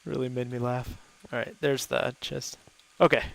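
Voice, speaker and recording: A man hosting a co-op game stream, chatting casually and easily with friends, laughing often and thinking out loud as he plays. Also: mid-range voice, level tone, moderate pace, gravelly. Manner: thinks aloud with fillers. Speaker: gaming host playing with friends. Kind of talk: casual chat while gaming.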